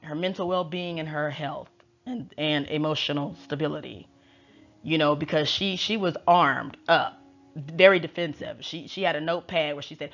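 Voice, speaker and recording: Chatty low-voiced woman tarot reader. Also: moderate pace, pauses often, a bit bright, soft background music. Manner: chatty, slangy and wry. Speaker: tarot reader and show recapper. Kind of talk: casual chat. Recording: dull lo-fi recording.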